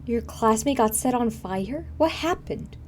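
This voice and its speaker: A woman's voice: on the high side, animated, measured pace, a little hiss or hum. A young woman streaming live, chatting casually with her viewers in a rambling way full of fillers. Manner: rambling, filler-heavy, frequent laughs.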